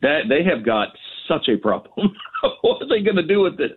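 A man chatting in a loose, rambling way over a tinny phone line. His voice is a little husky and moves around a lot in pitch. He sounds like a co-host dialed in from the road. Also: very animated, moderate pace. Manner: casual, rambling, laid-back.

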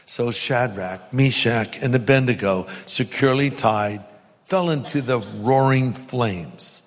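A man, a pastor, preaching a sermon and reading scripture aloud with emphatic pauses. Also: medium pitch, faint music behind. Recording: long hall reverb.

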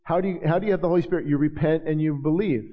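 A man's voice: on the high side, racing, big-room sound, lo-fi sound. A man preaching a sermon as pastor, fervent and repeating his phrases. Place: church sanctuary.

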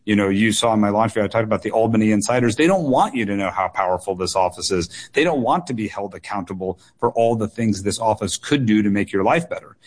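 A political candidate, a young man from the United States, answers listener questions on a radio show. His low voice is earnest, with frequent restarts and doubled words. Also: fast, hardly any pauses. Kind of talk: radio call-in interview.

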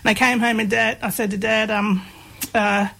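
A woman with a gravelly voice, telling her story candidly with self-mocking humour as an interview guest. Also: mid-range voice, steady tone, normal speed, a bit bright, rough recording. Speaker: guest, doctoral researcher. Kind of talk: casual storytelling.

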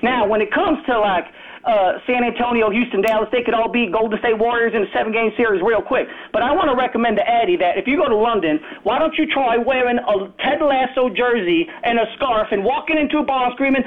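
A man with a Chicago accent calls in and races through jokes and tangents. His voice is very high and it comes through a thin, phone-like line. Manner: rapid-fire, rambling, jokey. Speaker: caller. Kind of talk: call-in chat.

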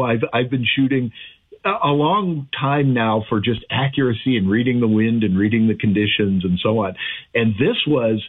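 A man's voice: medium pitch, normal speed, husky. A man talking casually as an expert guest on a radio show, chatty and full of restarts. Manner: chatty, frequent restarts and fillers. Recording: phone-like radio audio.

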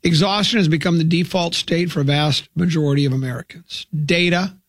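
Gravelly wisecracking male radio host. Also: fairly high pitch, fairly even intonation, a little fast, no room sound. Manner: wisecracking, reads news items aloud with asides. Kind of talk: jokey morning show banter.

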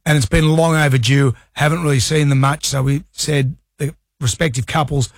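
A middle-aged Australian man hosts a radio show from a studio, telling a rambling story in casual banter and laughing at himself. His voice is a little high with fairly even intonation and a normal pace. Recorded on a studio microphone, the sound is clean, studio quality, with no echo.

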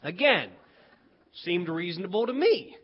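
A man telling a comic childhood story in an animated, folksy way, building suspense. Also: high voice, measured pace, slightly rough, highs cut off. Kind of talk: told comic story performance.

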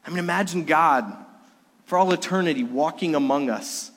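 A middle-aged man delivers a sermon in a somewhat high voice, building to emphatic peaks and then dropping to hushed, intimate lows. His voice rings out with a long reverb, as if in a church sanctuary. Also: moderate pace. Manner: preaching with rising emphasis and soft, hushed lows. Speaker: pastor.

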